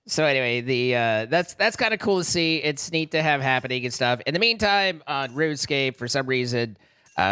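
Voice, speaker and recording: A man's voice: medium pitch, sharp tone, smooth. A man with an American accent chatting casually on a live stream, rambling and restarting sentences while joking with his chat.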